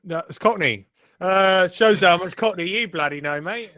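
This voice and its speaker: A man's voice: high voice, normal speed, bright, forceful tone, no echo, studio quality. A man hosting a live race stream, commentating with cheeky, swearing banter.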